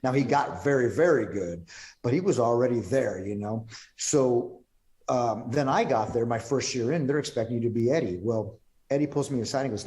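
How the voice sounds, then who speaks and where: Mellow-voiced man telling wrestling stories. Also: mid-range voice, normal speed. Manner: relaxed storyteller, swears, quotes others. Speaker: podcast guest, pro wrestler. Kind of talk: casual interview storytelling.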